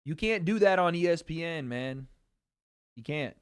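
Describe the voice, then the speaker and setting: A man's voice: on the high side, expressive, normal speed, clear, resonant tone. A man hosting a casual livestream, talking animatedly and boastfully, swearing freely, with a light Southern American accent. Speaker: streamer host.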